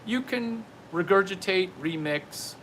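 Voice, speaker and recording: A man in a rambling comedic monologue, speaking slowly with a bright, forceful edge. His voice sits fairly high and swoops widely as he riffs playfully from one absurd tangent to the next. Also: lively intonation, a little hiss or hum. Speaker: comedian vlogger.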